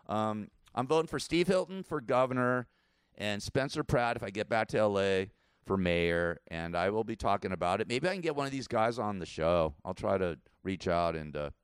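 A man's voice: fairly low pitch, clean tone, dry recording, studio quality. A man around sixty hosting his own show, giving casual political commentary in a rambling way, repeating himself and chuckling often. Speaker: show host.

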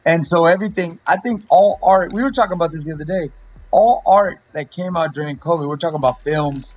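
An animated man with a somewhat high voice talks as a podcast guest, repeating himself and tossing in "bro" often. The recording sounds a bit muffled and lo-fi. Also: quick pace. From Los Angeles area. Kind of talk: casual interview chat.

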